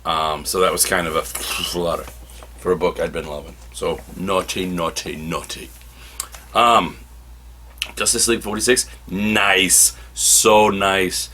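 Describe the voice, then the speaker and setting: A man reviewing comic books in a casual, animated way, now and then acting out characters' lines. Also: deep voice, slight background noise.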